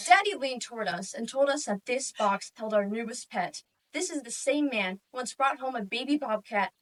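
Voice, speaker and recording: Wry woman telling a comic story. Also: a little high. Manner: wry, deadpan comic narration. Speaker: student competitor. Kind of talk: humorous interpretation storytelling. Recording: voice distant from the mic.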